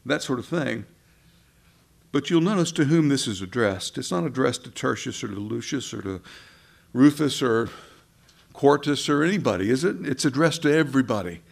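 A man's voice: medium pitch, animated, moderate pace, vocal fry. A man preaching a sermon in a conversational way, with asides and rhetorical questions.

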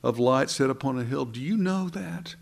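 A man preaching a sermon in an earnest, conversational way, asking his listeners questions and swinging between soft and emphatic delivery. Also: medium pitch, animated, normal speed, gravelly. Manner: conversational, asks the congregation questions.

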